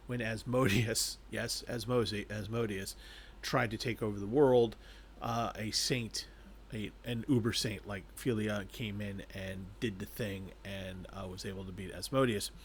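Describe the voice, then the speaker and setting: A man casually reviewing an anime, talking in an animated, rambling way and chuckling between thoughts. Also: on the low side, slight background noise.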